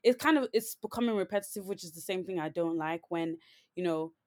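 A woman's voice: lowish voice, a little fast, darkish tone. Chatty woman, rambling podcast talk. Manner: chatty and rambling, many "like"s and restarts. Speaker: podcast co-host. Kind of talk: casual chat.

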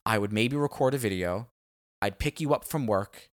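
A man's voice: on the low side, moderate pace. A man co-hosting a podcast in casual chat, rambling and emphatic, swearing freely. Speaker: podcast co-host.

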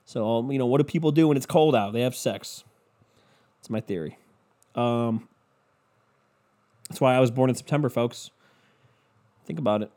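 A man's voice: medium pitch, moderate pace, pauses often, warm tone. Profane, ranting male podcaster. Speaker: podcast host. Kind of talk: casual comedic rant.

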